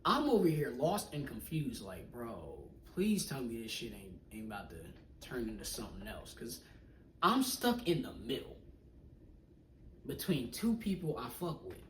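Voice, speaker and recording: Animated young man telling a story. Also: mid-range voice, normal speed. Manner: animated, slangy, acts out quoted people, often drops to a hush. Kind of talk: casual storytime. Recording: echoey room, mic at a distance, faint noise.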